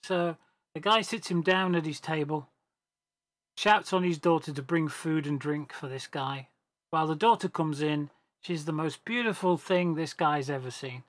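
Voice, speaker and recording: A man's voice: on the high side, normal speed, fairly bright tone. A man on a gaming voice chat, telling a long joke casually and rambling, with restarts and self-corrections. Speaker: gamer on a team voice chat.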